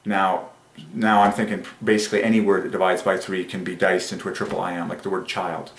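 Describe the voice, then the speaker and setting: A man hosting a religious numerology channel, speaking in an excited monologue that swings between rapturous bursts and quiet musing. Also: sits low, a little fast, roomy sound.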